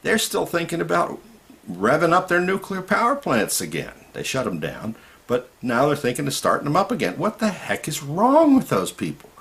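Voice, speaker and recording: A man's voice: a little high, huge pitch swings, moderate pace, vocal fry, fairly bright tone. A man giving an impassioned political monologue to camera, indignant and ranting, often rising to outbursts. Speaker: video commentator.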